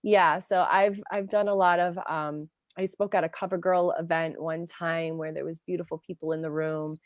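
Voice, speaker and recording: A woman career coach talking with a fairly low voice, animated and full of "like" and "um" fillers. The sound is close and dry, with no room echo. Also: normal speed, lo-fi sound. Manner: animated storyteller, many fillers like "like" and "um". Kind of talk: casual interview chat.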